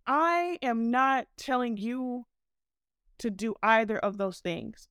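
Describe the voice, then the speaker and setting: A woman's voice: fairly high pitch, measured pace, a bit bright, smooth, no room sound, clean studio sound. Fiery, profane woman podcaster. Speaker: podcast host. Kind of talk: impassioned podcast monologue.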